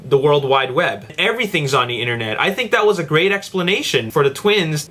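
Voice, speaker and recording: A man's voice: medium pitch, sharp tone. A man hosting his own review vlog, giving blunt, opinionated takes in a casual way. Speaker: video reviewer.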